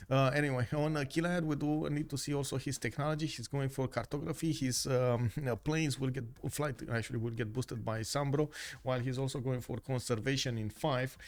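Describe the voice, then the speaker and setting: A man calls a strategy game match live, his voice sitting in an ordinary middle pitch. He speaks close to a streaming mic at home. His talk is full of hesitations and filler sounds as he follows the action. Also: darkish tone. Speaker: game commentator.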